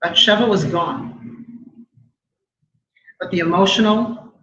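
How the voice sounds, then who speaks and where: A woman's voice: mid-range voice, fairly bright tone. Middle-aged woman telling a grief story in an echoey hall. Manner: measured, emotional storytelling with pauses. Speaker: speaker at a memorial event. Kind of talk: personal testimony speech. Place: live event hall. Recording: echoey hall, dull sound, noisy.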